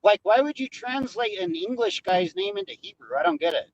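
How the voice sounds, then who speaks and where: Guy in a stream argument, confused and questioning, high voice swinging all over. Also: big pitch swings, fairly quick, dry recording, highs cut off. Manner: questioning, confused, hesitant restarts. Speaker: livestream debate panelist. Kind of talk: heated argument on a livestream.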